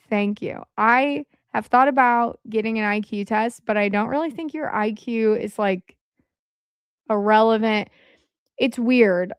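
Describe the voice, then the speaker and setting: A woman hosts a relaxed livestream from home, rambling in a casual chat and filling her pauses with "um." Her voice sits a little high and comes across smooth and clear. The sound is dry, with no room echo. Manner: rambling, with frequent "um" fillers. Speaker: livestream host.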